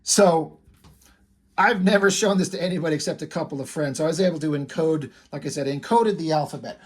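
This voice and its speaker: Male vlogger, loose and rambling, quick to laugh and curse, casual show-and-tell delivery. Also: fairly high pitch, slight background noise. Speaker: video creator.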